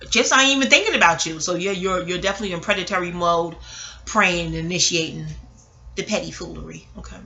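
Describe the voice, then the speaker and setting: Bright-voiced rambling New woman. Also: on the low side, quick pace, vocal fry. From New York, Queens. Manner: digressive, emotional, expressive, swears casually. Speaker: vlogger reviewing a film. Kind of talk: rambling monologue. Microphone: audio-only recording.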